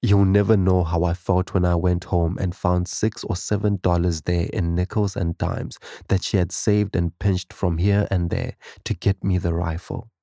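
Man, low gravelly voice, heartfelt testimony, dry close sound. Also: flat delivery, moderate pace, few pauses, dark tone, no room sound. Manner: earnest, heartfelt storytelling. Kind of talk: emotional spoken testimony.

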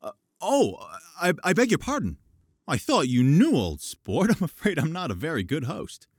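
Man playing a genial wealthy 1920s host, polite, audiobook figure, raised pitch, dry close sound. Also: big pitch swings, fairly quick, husky, no echo, heavily acted.

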